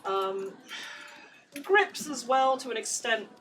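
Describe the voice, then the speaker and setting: A higher-voiced woman chats casually as a stream co-host and reads out viewer comments. She sounds set back from the mic, with music playing underneath. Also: animated, slow pace, fairly bright tone, recorded from a distance. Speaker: co-host reading chat.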